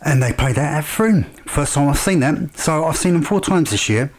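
A man's voice: a little high, lively intonation, normal speed. A man, casually and enthusiastically telling a rambling story to the camera, with frequent fillers. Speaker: vlogger.

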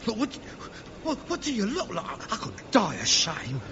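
An actor playing an exasperated, easily embarrassed grown son, scolding and fed up. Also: male voice, sits high, huge pitch swings, moderate pace, gravelly, pushed and bright, dull audio, slight background noise, exaggerated voice.

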